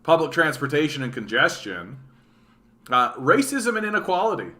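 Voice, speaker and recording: Bright-voiced man ranting about news. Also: on the high side, very animated, normal speed. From Canada. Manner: profane, sarcastic, reads news aloud and reacts. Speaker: political commentary streamer. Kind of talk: casual political rant.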